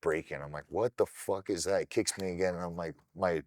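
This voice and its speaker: A middle-aged man from Ohio, a kickboxer guest on a podcast, telling his story in an animated, casual way and swearing freely. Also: sits low, fairly quick, no echo, clean studio sound.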